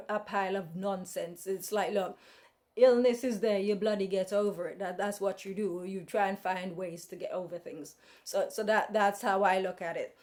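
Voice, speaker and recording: A woman's voice: medium pitch, darkish tone. A woman, talking in a casual personal monologue, blunt and outspoken, rambling with many restarts. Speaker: podcast host.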